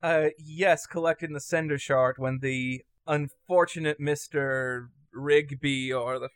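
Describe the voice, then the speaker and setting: A man's voice: a little high, fairly even intonation, unhurried, a bit bright, clean tone, dry recording, clean studio sound. A man playing a tabletop game character in an overly polite, formal way, hesitating with frequent ums. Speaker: player. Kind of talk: in-character tabletop role-play.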